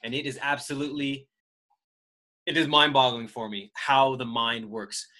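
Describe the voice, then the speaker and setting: A man's voice: medium pitch, bright, forceful tone. A man in his thirties co-hosting a casual podcast chat, talking in a hyped, slangy way. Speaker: podcast co-host.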